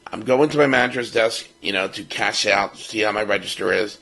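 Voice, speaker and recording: Gravelly-voiced man in his fifties telling a story. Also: fairly low pitch, a little fast, poor audio. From Baltimore, United States. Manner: lively storyteller who acts out the other people's lines. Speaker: podcast co-host. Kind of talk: personal storytelling on a podcast.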